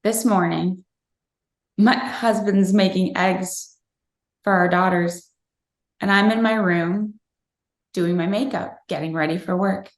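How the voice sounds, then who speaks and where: Slow, gravelly-voiced woman telling a story. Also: on the low side, steady tone. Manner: reflective, earnest. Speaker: interviewee. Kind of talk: personal storytelling. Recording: roomy echo.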